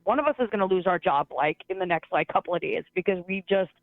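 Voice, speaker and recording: Fed-up teacher calling in by phone. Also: male voice, sits high, quick pace, no echo. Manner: exasperated, venting, many fillers like "like". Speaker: caller, schoolteacher. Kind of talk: casual phone call-in chat. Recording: tinny phone line.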